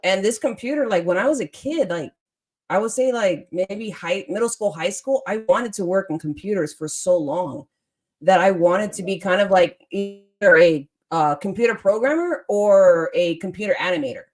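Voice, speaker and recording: A young woman hosting a relaxed talk, her voice sitting at an ordinary middle pitch. She tells her story in an animated way, laughs often and acts out the lines of the people in it. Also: moderate pace. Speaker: podcast host. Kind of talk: casual storytelling chat.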